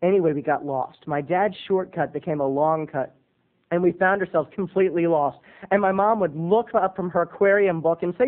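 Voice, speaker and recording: A man in his twenties, a video blogger telling a comic story in an animated, dramatic, self-mocking way. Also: on the high side, a little fast, narrow, tinny audio. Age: 20s.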